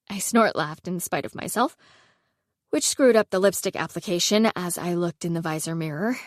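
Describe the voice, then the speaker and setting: A young adult woman reads a first-person romance audiobook with expressive storytelling. Her voice sits fairly low. The sound is dry and close to the mic. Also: moderate pace, dry recording. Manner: expressive storytelling, voicing characters. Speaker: audiobook narrator.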